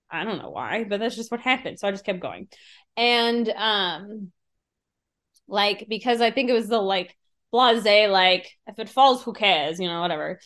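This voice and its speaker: A woman's voice: mid-range voice, fairly bright tone. A woman voice actor casually rambling through a behind-the-scenes story about writing a sketch. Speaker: voice actor and writer.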